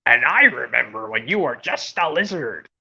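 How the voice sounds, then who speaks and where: A woman's voice: very deep voice, very animated, creaky, sharp tone, slightly rough, pitched below the performer's own voice, heavily acted. Woman doing Quetzal, a wise old dragon. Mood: fond. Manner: slow, reminiscing, halting. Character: old kindly male dragon, gentle teacher. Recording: dull lo-fi audio.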